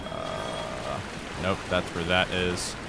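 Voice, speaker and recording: A man's voice: very deep voice, big pitch swings, takes it slowly, vocal fry, very noisy. A young man live-streaming a game, joking with his chat in self-deprecating banter and explaining boss tactics step by step. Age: young adult. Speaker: gaming livestreamer. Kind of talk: casual live-stream chat while playing.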